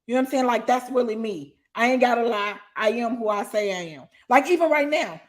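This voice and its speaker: A woman's voice: on the high side, expressive, brisk. A woman author telling her story in an interview, blunt and profane, emphatic and laughing often. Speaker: guest, author.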